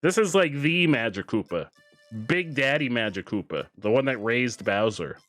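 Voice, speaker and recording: Man, game streamer, casual play-by-play, jokey, lively pitch, faint music under the voice. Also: moderate pace, no room sound. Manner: animated, jokey, reads game text aloud. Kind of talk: casual gameplay commentary.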